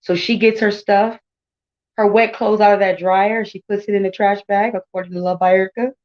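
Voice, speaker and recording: Woman in her forties, commentary host; blunt, indignant, mid-pitched, slightly dull home recording. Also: steady tone, fairly quick. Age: 40s. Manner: blunt, indignant, talks straight to viewers with many asides. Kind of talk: casual commentary.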